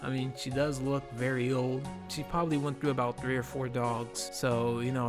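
A man giving a blunt, profane commentary rant as a YouTuber, exasperated and repeating himself. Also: medium pitch. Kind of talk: ranting commentary vlog.

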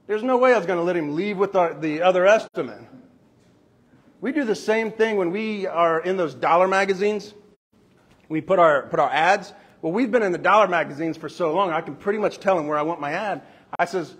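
A man telling sales stories to a group, acting out short bits of dialogue with customers in an animated way. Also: high-pitched, slightly rough. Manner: animated, acts out customer dialogue in quick asides. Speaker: roofing company owner sharing sales tactics. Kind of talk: storytelling sales talk.

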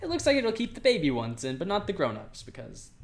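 A man's voice: sits high, huge pitch swings, fast, vocal fry, slight background noise. A man casually commenting while playing a building game, rambling, laughing often and talking to the animals on screen. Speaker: Minecraft let's player.

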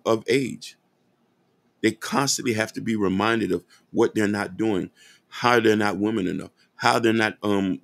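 Man, podcast host, earnest monologue, gravelly fry, dry close sound. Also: lowish voice, dry recording. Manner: earnest, direct, addresses listeners as y'all. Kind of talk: impassioned commentary monologue.

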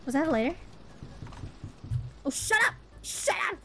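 A woman's voice: sits high, very animated, moderate pace, pauses often, pushed and bright, soft background music. A woman streamer reacting to a horror game live, jumpy, squealing and laughing her way through the scares.

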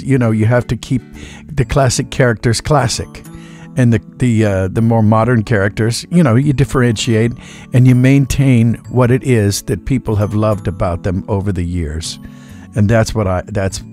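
A man in his sixties, a voice actor, talking in a relaxed, folksy way in an interview and telling anecdotes with the odd acted-out voice. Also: fairly low pitch, normal speed, soft background music. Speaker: voice actor guest.

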